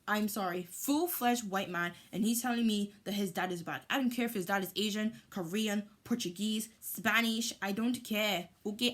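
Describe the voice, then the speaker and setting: Woman, storytime vlogger, animated, indignant retelling. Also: medium pitch, brisk, hardly any pauses. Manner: animated, heated retelling with lots of "like". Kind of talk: storytime vlog.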